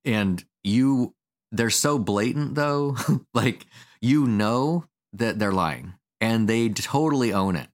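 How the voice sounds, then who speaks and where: Deep-voiced man chatting casually. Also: lively intonation, slow pace. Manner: chatty, laughs often, acts out quotes. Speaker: therapist and podcast host. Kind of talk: casual podcast chat.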